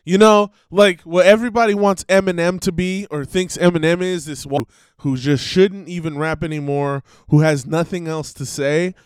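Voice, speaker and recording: Man, host, casual rambling commentary, smooth clear voice, dry close sound. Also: fairly high pitch, fairly even intonation, moderate pace, dry recording. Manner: rambling, laughs between thoughts. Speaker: podcast host.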